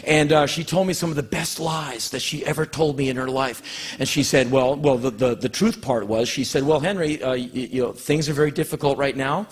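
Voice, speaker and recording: A man in his fifties from Washington, D.C. tells a stand-up monologue, intense and profane, often bursting into shouts. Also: medium pitch, steady tone, a little fast, slightly rough. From Washington, D.C., United States. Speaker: spoken-word performer. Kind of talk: stand-up spoken-word monologue.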